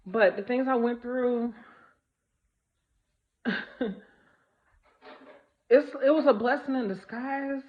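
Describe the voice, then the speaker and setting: A woman's voice: on the high side, slow, pauses often, muffled recording. A woman giving a casual spiritual vlog monologue, speaking bluntly and emphatically, repeating phrases for stress and swearing freely. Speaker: spiritual vlogger.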